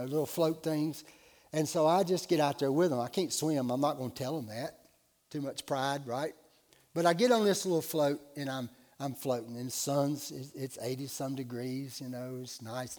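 A man preaching a sermon as pastor, telling a personal story and then building to loud, emphatic exhortation. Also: medium pitch, normal speed, long reverb tail.

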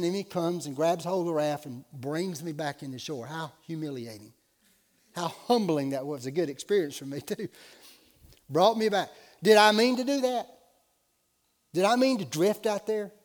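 A man preaching a sermon as pastor, telling a personal story and then building to loud, emphatic exhortation. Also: on the high side, in a large hall.

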